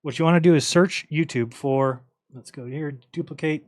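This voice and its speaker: A man's voice: fairly high pitch, moderate pace, no room sound. A man hosting a livestream, ranting bluntly and mockingly, acting out the lines of people he quotes. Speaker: livestream host. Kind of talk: casual livestream rant.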